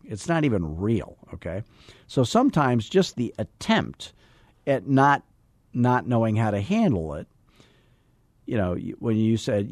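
A man's voice: fairly low pitch, normal speed, no echo. A man coaching real estate agents in a podcast lesson, acting out sales dialogues and drilling lines in emphatic repetition. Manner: animated, acts out sales dialogues.

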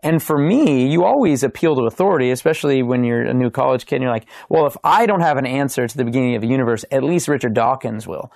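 A young man, a podcast guest, telling his faith testimony in a casual, animated way, acting out the lines of the people in his story. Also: medium pitch, quick pace, vocal fry, hardly any pauses, dry recording, studio quality. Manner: animated, acts out quoted dialogue.

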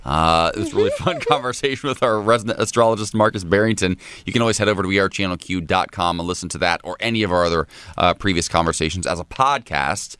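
A man's voice: low voice, animated, fast talker, hardly any pauses, fairly bright tone, smooth, dry recording. A man co-hosting a morning radio show, chatting animatedly and laughing often. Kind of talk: casual radio banter.

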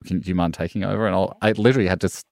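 Man, Australian accent, middle-aged, animated storyteller, self-deprecating, low voice, dry sound. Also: very fast, vocal fry, no echo. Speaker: podcast guest. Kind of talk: casual storytelling.

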